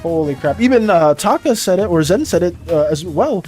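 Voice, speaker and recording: Animated streamer with a lively voice. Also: mid-range voice, soft background music. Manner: animated, rambling, quick to laugh. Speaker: streamer and game master. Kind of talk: casual live-stream chat.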